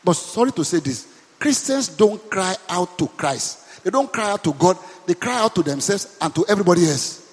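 A man preaches as pastor, asking his congregation questions over and over and urging them to answer in call-and-response. His high, husky voice is animated and moves at a moderate pace, with long hall reverb around it.

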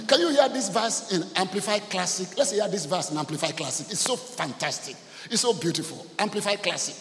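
In a church hall full of long reverb, a pastor with a Nigerian accent preaches animatedly and fairly quickly, his voice sitting high. He leads the congregation in rhythmic call-and-response, repeating phrases emphatically, over a slight hiss or hum.

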